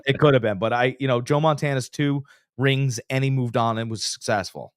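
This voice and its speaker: A man co-hosting a sports podcast, telling stories in a loose, animated way with frequent restarts. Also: mid-range voice, brisk, smooth, dry recording, clean studio sound. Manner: animated storyteller, trails off and restarts. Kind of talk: casual sports chat.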